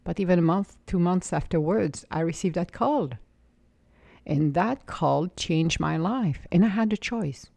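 A woman's voice: fairly low pitch, lively intonation, a little slow, vocal fry, warm tone, no echo. A woman telling her own life story to an audience in an emotive, rambling, motivational way. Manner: emotive, rambling, with laughs and restarts.

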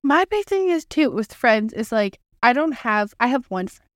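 Brief: twenties woman co-host, brightish higher pitch, casual, storytelling, dry close sound. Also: very animated, normal speed, dry recording. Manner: chatty storyteller, laughs often, casual swearing. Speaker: podcast co-host. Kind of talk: casual chat.

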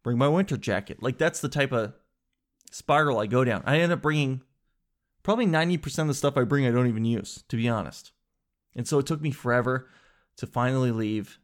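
Slangy, animated man telling a rant. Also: brisk. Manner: animated, exaggerated, swings to high emphasis; slangy, says dude often. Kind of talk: casual comic storytelling.

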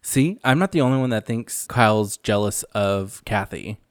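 A man's voice: on the low side, expressive, moderate pace, clear, resonant tone, no room sound, studio quality. A man hosting a casual recap podcast, talking in a blunt, sassy way and swearing freely. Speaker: podcast host.

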